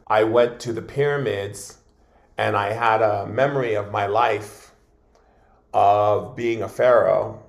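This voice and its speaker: A man who is a shaman guest on an interview show, telling a long story in an earnest, rambling way with many fillers. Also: lowish voice.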